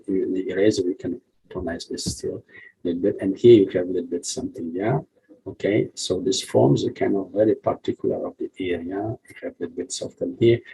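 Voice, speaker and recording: Man, husky dark voice, rambling tutorial instructor. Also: rough recording. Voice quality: deep gravelly husky voice. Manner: rambling, frequent "yeah?" and "you see" checks. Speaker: art instructor. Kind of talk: drawing tutorial walkthrough.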